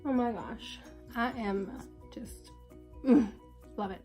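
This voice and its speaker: A woman's voice: fairly high pitch, slow, dark tone, faint music behind. A young woman with a congested, sick voice chatting casually and upbeat through a makeup tutorial. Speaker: beauty vlogger.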